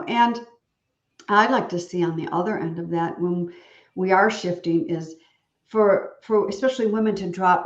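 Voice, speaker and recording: A woman hosting an interview over a video call, talking in an animated, rambling, frank way with jokes. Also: on the low side, roomy sound, muffled recording. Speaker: podcast host. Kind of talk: casual interview chat.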